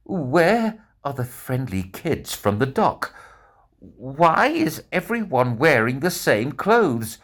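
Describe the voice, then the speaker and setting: A man tells a children's adventure story from a bear's first-person point of view, taking it slowly in a mid-range voice. His delivery is lively and expressive.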